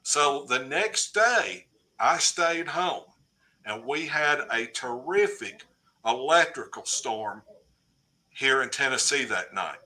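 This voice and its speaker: A man's voice: mid-range voice, slow. An older man, telling a personal story as a podcast guest and acting out the dialogue. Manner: lively storyteller who acts out quoted dialogue. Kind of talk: casual anecdote telling on a podcast.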